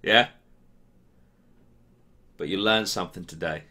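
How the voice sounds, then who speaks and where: A man in his twenties with an English accent answers viewer questions in a casual chat, swearing freely and quickly getting worked up. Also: deep voice, pushed and bright. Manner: ranty, sweary, quick to get heated.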